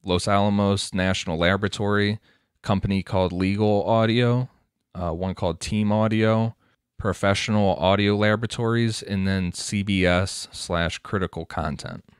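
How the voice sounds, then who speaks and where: A man's voice: fairly low pitch, steady tone, moderate pace, clean tone, dry recording, studio quality. A man co-hosting a casual podcast, reading quotes and notes from his research aloud between chat. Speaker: podcast co-host.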